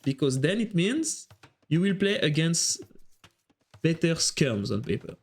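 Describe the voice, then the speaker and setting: A man's voice: a little high, sing-song. A man with a French accent, French his first language, doing live chatty commentary on a strategy game while answering his viewers. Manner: chatty, thinks aloud, quick reactions to the match. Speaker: esports caster and streamer.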